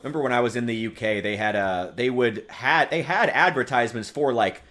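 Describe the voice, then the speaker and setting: A man's voice: mid-range voice, brisk, fairly bright tone. A man streaming a game, chatting casually in a rambling, joking way, with frequent profanity and restarts. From United States. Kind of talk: casual gaming stream chat.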